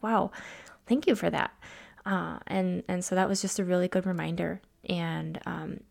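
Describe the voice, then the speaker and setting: A woman in her thirties hosting a personal podcast, talking candidly and tearfully, with fillers and halting pauses. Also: lowish voice, vocal fry. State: tearful, near crying. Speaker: podcast host. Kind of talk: personal solo podcast talk.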